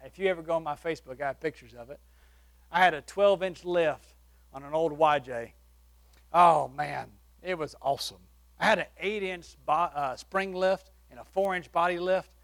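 A man preaching, telling a personal testimony with animated shifts between loud and soft. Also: sits high. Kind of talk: sermon testimony story.

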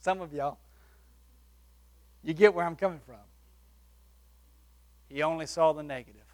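A man preaching, telling a personal testimony with animated shifts between loud and soft. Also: on the high side, unhurried. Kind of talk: sermon testimony story.

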